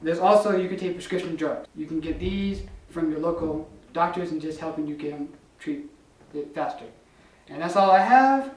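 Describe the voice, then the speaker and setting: A man's voice: a little high, moderate pace. A young man presenting facts in an amateur comedy sketch, stumbling as he half-reads from notes. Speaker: guest presenter. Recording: echoey room with the camera far off.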